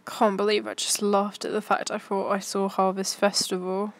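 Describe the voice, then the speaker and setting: A woman's voice: mid-range voice, little pitch movement, normal speed, a little hiss or hum. A young woman chatting casually to her stream while browsing pictures, giggly and talking to herself.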